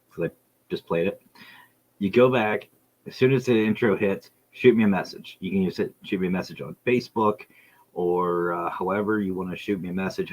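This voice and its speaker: A man hosts his own podcast livestream in a loose, rambling way, full of excitement as he talks straight to viewers. His voice sits low and a little husky. He often stops to read their messages aloud. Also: poor audio. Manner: rambling, enthusiastic, reads chat aloud. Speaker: podcast host. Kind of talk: casual livestream chat. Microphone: streaming setup.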